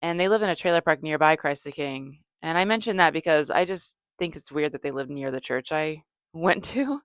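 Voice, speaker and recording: A woman comedian hosting a podcast, telling stories in a deadpan, low-energy way, rambling with fillers and self-corrections. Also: brisk, no room sound, studio quality. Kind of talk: casual storytelling monologue.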